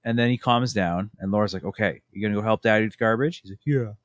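A man in his thirties co-hosts a relaxed chat, his voice sitting low and recorded close and dry. He tells family stories with energy, jumping into quoted voices along the way. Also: fast, no echo. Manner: animated storytelling, acting out his family's lines. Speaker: podcast co-host. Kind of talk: casual chat.

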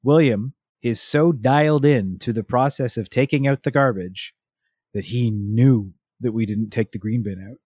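A young adult man on a casual podcast, telling parenting stories with lively acted-out quotes of his toddler. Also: mid-range voice, normal speed, husky, no echo, studio quality. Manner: animated storyteller acting out a toddler's lines. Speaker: podcast co-host. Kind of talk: casual chat about parenting.

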